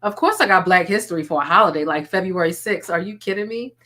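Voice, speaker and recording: A woman's voice: fairly low pitch, fast talker, pushed and bright. A woman hosting a casual live stream, chatting and thanking viewers by name, laughing and teasing often. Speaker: YouTube livestream host.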